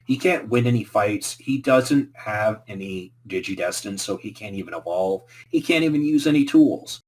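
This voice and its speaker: A man co-hosting a casual podcast who calmly explains background details. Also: fairly low pitch, moderate pace, breathy edge. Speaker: podcast co-host.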